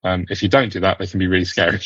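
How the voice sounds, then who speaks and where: A man from Britain, a guest actor chatting in an interview, telling animated stories with frequent laughs and restarts. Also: low voice, racing, breathy edge, no echo, lo-fi sound. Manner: animated storyteller, laughs often, many restarts. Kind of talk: casual interview chat.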